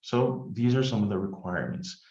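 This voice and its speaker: A very deep-voiced man presents in a polite, measured way, like a lawyer walking an audience through slides. His voice sounds dull and lo-fi. It also has a roomy echo from the video call. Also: a little mellow. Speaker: immigration lawyer. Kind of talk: webinar presentation.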